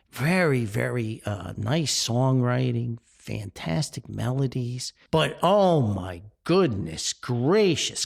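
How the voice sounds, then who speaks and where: An older man with a gravelly voice hosts a grumpy rant podcast, exasperated and often laughing. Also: medium pitch. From Paterson, New Jersey. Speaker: podcast host.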